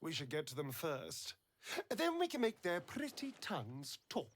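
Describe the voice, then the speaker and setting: A man's voice: a little high, wildly swooping pitch, moderate pace, slight background noise. An actor playing a vain, scheming male vampire spawn elf who speaks in a silky, dramatic way, savoring his words, in a video game.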